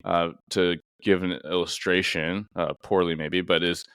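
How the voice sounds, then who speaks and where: A man's voice: low-pitched, flat delivery, unhurried, a bit bright, clean tone, no room sound, studio quality. A man hosting a casual interview conversation, a police officer, thoughtful and rambling with many fillers. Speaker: podcast host and police officer.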